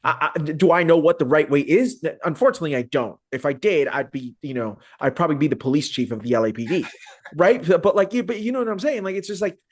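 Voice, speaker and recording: A man's voice: on the high side, fast talker. Emphatic man hosting a podcast. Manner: emphatic, repeats words while building a point. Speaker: podcast host. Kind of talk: casual podcast chat.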